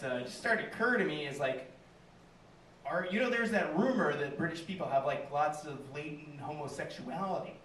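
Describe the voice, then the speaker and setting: High-voiced comic in an echoey room. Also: male voice, a bit bright, a little hiss or hum. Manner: storytelling with acted-out quotes, laughing at his own jokes. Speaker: stand-up comedian. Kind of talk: stand-up comedy set. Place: small live venue. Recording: echoey room, mic heard from a distance.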